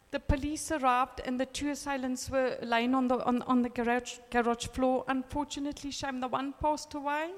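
A woman in her fifties giving a personal testimony, telling an animated story and acting out the dialogue. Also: sits high, long reverb tail.

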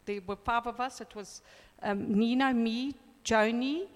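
A woman in her fifties giving a personal testimony, telling an animated story and acting out the dialogue. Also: a little high, a little slow, long reverb tail.

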